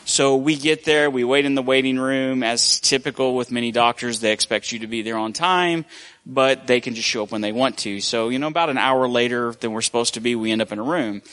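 A man's voice: medium pitch, brisk, fairly bright tone. A man preaching a conversational sermon, telling stories with a shifting pace. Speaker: pastor.

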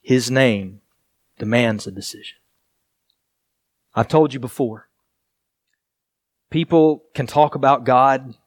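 A male pastor delivering a sermon in an earnest, deliberate way, leaning on repetition and pauses for emphasis. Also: medium pitch, dry recording.

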